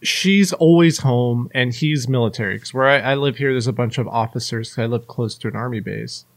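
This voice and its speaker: A man co-hosting a podcast, telling an annoyed story in casual, profane chat. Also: moderate pace. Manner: animated, profane, rants with rising pitch. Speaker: podcast co-host.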